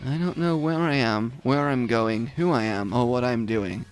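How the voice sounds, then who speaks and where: A man's voice: moderate pace, clean tone, soft background music, lightly acted. A man muttering as a dazed, vacant bird creature. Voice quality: low, flat, muttering.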